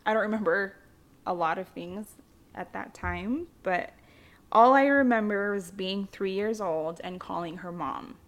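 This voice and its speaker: A woman's voice: medium pitch, unhurried. A young woman from the Philippines telling her childhood story in a candid, chatty way, with frequent fillers and casual swearing. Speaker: vlogger.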